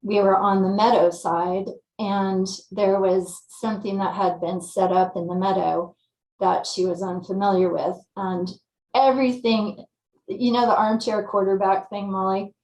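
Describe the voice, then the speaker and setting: A woman from California, a guest telling her story in a lively, casual way and acting out her own thoughts. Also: medium pitch, a little slow, reverberant, poor audio. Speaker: interview guest.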